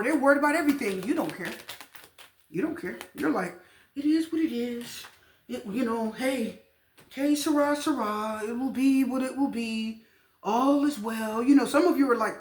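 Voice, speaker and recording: A fairly high-voiced woman gives a casual tarot reading straight to camera, chatty and emphatic, circling back to repeat her points. Her voice rings in an echoey room, picked up by the camera mic. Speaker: tarot reader.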